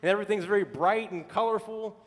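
A male pastor preaching a sermon, telling stories with lively emphatic repetition. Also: high-pitched, fast, in a large hall. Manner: animated storytelling with emphatic repetition.

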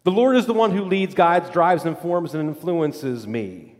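Male pastor, sermon delivery, high-pitched, rhythmic repetition, long hall reverb. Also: lively intonation, unhurried. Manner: repetitive, emphatic cadence, drops voice low and soft for scripture.

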